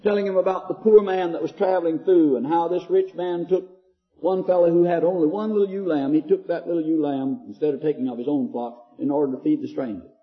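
A man preaching a sermon in an earnest way, reading scripture aloud in a slow, deliberate cadence. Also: on the high side, steady tone, highs cut off.

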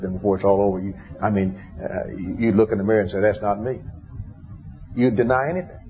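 A man's voice: fairly low pitch, steady tone, moderate pace. A man preaching a sermon in an easy storytelling way, now and then bursting out with emphasis. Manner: conversational storytelling, rising to emphatic outbursts. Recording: dull lo-fi recording with faint background noise.

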